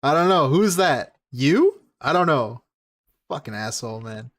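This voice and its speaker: Streaming his reaction to a clip, a man rants angrily, swearing and mocking what he sees in profane commentary. His mid-range voice is animated, though his pace stays measured.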